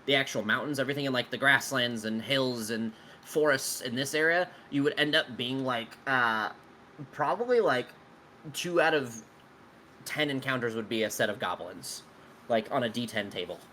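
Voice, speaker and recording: There's slight background noise as this game master fields his players' questions about the world he's built. His mid-pitched voice is bright and forceful at normal speed, and he rambles loosely, full of fillers and offhand swearing.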